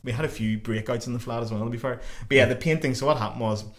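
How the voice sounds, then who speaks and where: A young man hosts a podcast in loose, casual chat. He talks quickly and tells stories with lots of laughter, breaking into voices for the people he quotes. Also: mid-range voice. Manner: animated, laughing, swearing, acts out quotes. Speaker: podcast host.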